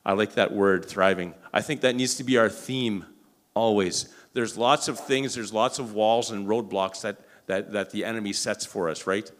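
A man preaching a sermon, telling a story in an animated way and often restarting or repeating words. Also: on the low side, moderate pace. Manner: animated, acts out quoted dialogue.

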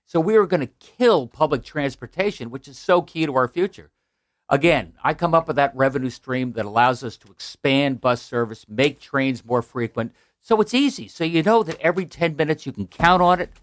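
A man's voice: a little high, expressive, moderate pace, no room sound. Upbeat man in his sixties, dry studio. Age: 60s. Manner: upbeat, persuasive, with restarts. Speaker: political candidate. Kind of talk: radio interview answers. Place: radio studio.

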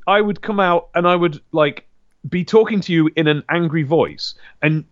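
A man co-hosting a casual podcast, his fairly high voice rising and falling in lively swings. He rambles, stops to correct himself and laughs often. The sound is dull and dry, like a cheap mic. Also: dry recording. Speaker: podcast co-host. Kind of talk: casual chat.

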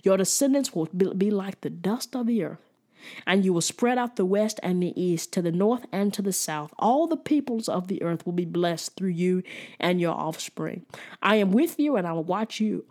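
A woman's voice: lowish voice, lively intonation, normal speed, a little mellow. A woman teaching a Bible study in a casual, conversational way, often repeating words and checking in with "okay?".

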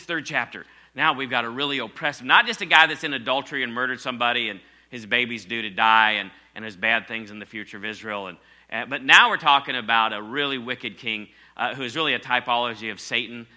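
Bright-voiced, emphatic male preacher. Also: medium pitch, brisk. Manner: emphatic, swings from loud exclamations to near whispers; asks the congregation to respond. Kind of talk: sermon.

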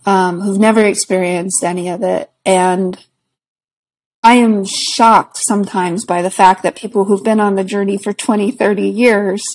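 A woman guest in a casual conversation who speaks reflectively and earnestly and laughs softly between thoughts. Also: mid-range voice, a little hiss or hum, rough recording. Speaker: podcast guest, spiritual practitioner.

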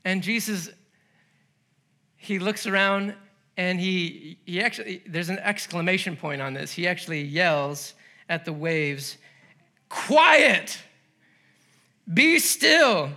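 A male pastor preaching a sermon, animated and laughing as he acts out the story's voices. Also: high-pitched, moderate pace. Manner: laughs between lines.

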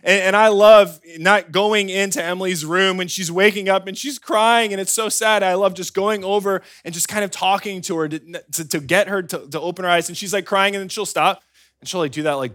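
Animated pastor, slightly high male voice. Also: brisk. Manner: conversational, animated storytelling, frequent "right?" asides. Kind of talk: sermon.

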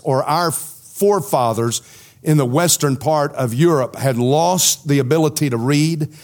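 Slow, emphatic male preacher. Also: fairly high pitch, a little mellow. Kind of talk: sermon with questions from the congregation.

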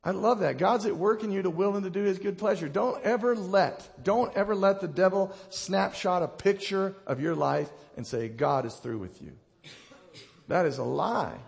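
Gravelly-voiced man preaching in a reverberant hall. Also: high voice, moderate pace, few pauses. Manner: passionate preaching, swings from loud to hushed. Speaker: pastor. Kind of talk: sermon. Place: church sanctuary.

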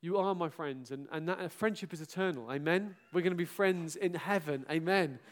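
Pastor guy, fairly high voice, goes from soft and warm to loud bursts, laughing at himself. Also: a little fast. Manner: animated, self-mocking, bursts into loud exclamations and laughter. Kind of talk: farewell address from the pulpit.

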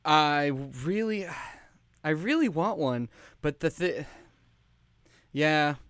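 A young adult co-host with a mid-range voice, recorded dry and close. Teases with deadpan jokes and trails into hesitant fillers. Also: mid-range voice, takes it slowly, clear, resonant tone, dry recording. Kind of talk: casual chat.

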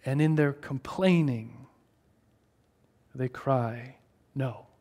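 A man preaching a sermon, moving between hushed, drawn-out phrases and raised, emphatic ones. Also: high-pitched. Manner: expressive, shifting between hushed and raised delivery.

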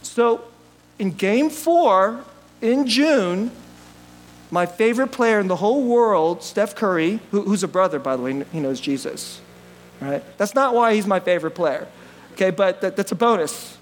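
A male pastor delivers a sermon in a high, bright-sounding voice. He jokes with the congregation, laughs easily and moves from excited outbursts to soft, low asides. A faint hum sits under the recording. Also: measured pace, rough recording. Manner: animated and jokey, laughs often, swings from loud bursts to quiet asides.

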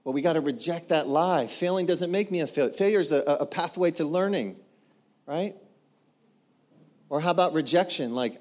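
A man, a pastor, preaching a sermon in an animated way, acting out quoted voices and building to loud exclamations. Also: fairly high pitch, moderate pace, long pauses.

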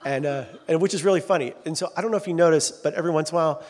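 A man's voice: a little high, rapid-fire, in a large hall. A man preaching a sermon as a pastor in a church, talking in a loose, joking, self-deprecating way. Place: large church sanctuary.

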